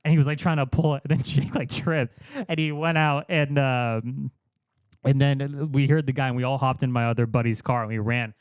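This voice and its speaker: A young man co-hosting a podcast in casual chat, relaxed and chatty, laughing along with his co-host. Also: mid-range voice, normal speed, clear, resonant tone, dry recording. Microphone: studio microphone.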